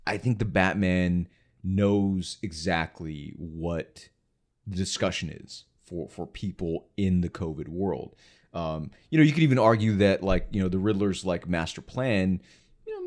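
A man with a very deep, low-pitched voice talks films in a relaxed chat. He hesitates, restarts and fills his sentences with "like" and "you know". When he gets going he turns blunt and swears freely. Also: moderate pace. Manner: hesitant, many fillers and restarts; profane, blunt. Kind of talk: casual film discussion.

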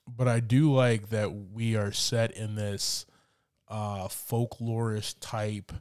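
A man's voice: lowish voice, little pitch movement, slow pace, darkish tone, smooth, dry recording, studio quality. A man co-hosting a casual movie review chat, laid-back and loose, tossing in "man" and fillers. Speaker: movie review podcast co-host.

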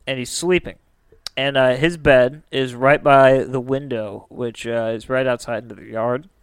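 Podcast host, male, chatty narrator with a resonant voice in a dead-quiet room. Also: mid-range voice, steady tone, unhurried, clean tone, dry recording. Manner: chatty, lots of filler "like". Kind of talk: casual storytelling.

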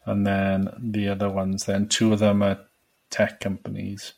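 Low gravelly male co-host. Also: unhurried. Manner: relaxed quiz-style prompting. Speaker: podcast co-host. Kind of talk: casual chat.

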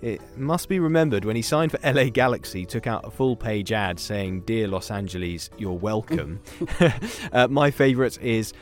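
A man co-hosting a daily news round-up podcast, chatting in a lively way and laughing easily. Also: medium pitch, normal speed, faint music behind. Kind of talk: upbeat news round-up chat.

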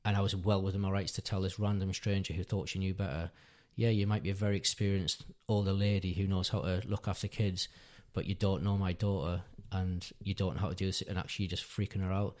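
Low, level and a little mellow, his voice moves quickly with few pauses. A thirtyish father on a podcast, he rambles through a long personal story in casual chat, self-correcting and earnest.

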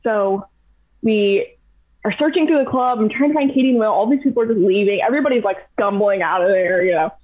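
Young woman rambling thru a party story, breathy voice, sounds like a phone line. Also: mid-range voice, a little fast. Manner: chatty, animated, heavy use of "like". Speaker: podcast guest. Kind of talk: casual storytelling. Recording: tinny phone-like audio.

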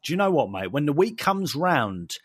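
A man's voice: fairly high pitch, moderate pace, slightly rough, no room sound, clean studio sound. A young British man co-hosting a podcast, chatting casually with playful slang and jokes. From United Kingdom. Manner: lively, jokey, playful slang. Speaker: podcast co-host.

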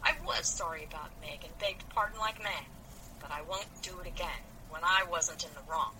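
A woman's voice: low-pitched, moderate pace, sharp tone, slight background noise, rough recording. A woman reading aloud as a hot-tempered teenage boy, sounding defiant and indignant.

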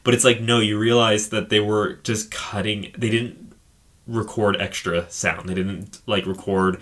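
Bright-voiced man reviewing films. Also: fairly low pitch, a little slow. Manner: profane, animated retelling. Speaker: podcast co-host. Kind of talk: casual film review chat.

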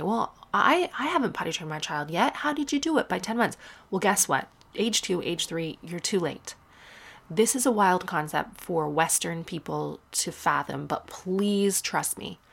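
A woman in her thirties hosting a podcast, telling stories in a casual, animated and wry way. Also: fairly low pitch, creaky. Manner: animated, wry, puts on voices for quotes. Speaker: podcast host. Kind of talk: casual storytelling monologue.

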